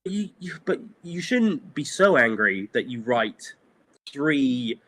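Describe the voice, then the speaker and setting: A man's voice: mid-range voice, big pitch swings, slow, a bit bright. A middle-aged man, a guest animator, talking candidly in a casual interview, rambling with many fillers and frequent laughs.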